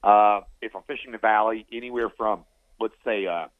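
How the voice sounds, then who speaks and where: Low-voiced man on a tinny phone line. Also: moderate pace, dry recording. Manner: steady, plain-spoken, practical. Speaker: fishing charter captain giving a report. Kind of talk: casual fishing report.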